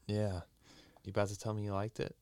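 A man's voice: fairly low pitch, monotone, fairly quick, warm tone, clean tone, dry recording. A man co-hosting a casual film review podcast, speaking tersely, mostly in short replies. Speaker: podcast co-host.

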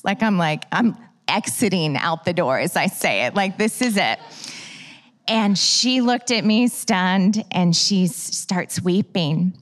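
A woman teaching at a church, telling prayer stories in an animated way and acting out her own dialogue. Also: lowish voice, takes it slowly.

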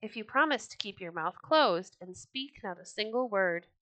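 A woman voicing a pair of friendly wild geese in a storybook reading, speaking high and coaxing. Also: lively intonation, moderate pace, fairly bright tone, no echo, lightly acted.

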